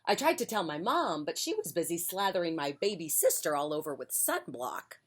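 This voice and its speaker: A woman reading a children's picture book aloud on a porch, with a gentle, friendly delivery. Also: on the low side, very animated, brisk. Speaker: children's storyteller.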